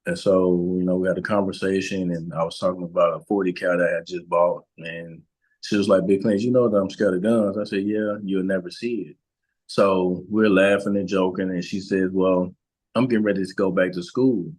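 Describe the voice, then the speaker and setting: A man with a very low, deep voice speaks as a guest on an interview podcast. He tells a personal story slowly and haltingly, pausing often and restarting his sentences. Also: flat delivery, darkish tone, low-quality recording. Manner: slow, halting, with frequent fillers and restarts. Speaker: guest, relationship and trauma coach.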